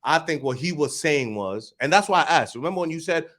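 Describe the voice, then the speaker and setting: A man's voice: on the high side, expressive, brisk, fairly bright tone. A man hosting a podcast, talking casually and giving blunt, direct advice. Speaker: podcast host. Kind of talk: casual chat.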